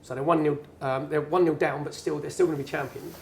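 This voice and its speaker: This former footballer turned pundit, a middle-aged man from England, spins a lengthy on-stage anecdote as guest speaker in the bar of a networking event. Chatty and animated, he performs the quotes himself, his voice a little high and fast with some vocal fry.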